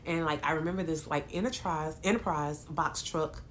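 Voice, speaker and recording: A woman's voice: sits low, normal speed, a little hiss or hum. A woman vlogger, casually telling her viewers a dramatic story, with lots of laughs. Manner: animated, dramatic retelling with laughs.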